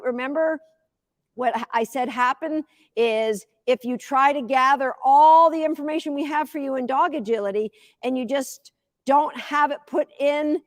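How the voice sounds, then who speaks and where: A woman in her fifties, a dog agility coach giving a live teaching demo, chatty and energetic, cheering the dog on. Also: high voice, dry recording, studio quality.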